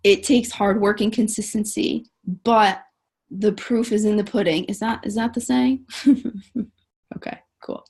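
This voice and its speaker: A woman's voice: mid-range voice, fairly even intonation, a little slow, darkish tone, slightly rough. A woman coaching her network marketing team over a live stream, upbeat and emphatic, often saying "like" and "guys".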